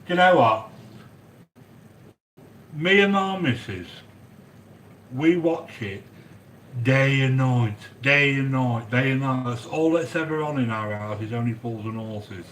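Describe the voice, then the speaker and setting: Excitable rambling man in an echoey kitchen. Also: medium pitch, measured pace, long pauses. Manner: rambling, excitable, answers viewers by name. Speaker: cooking video host. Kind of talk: chatty cooking livestream monologue. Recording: echoey room with faint background noise.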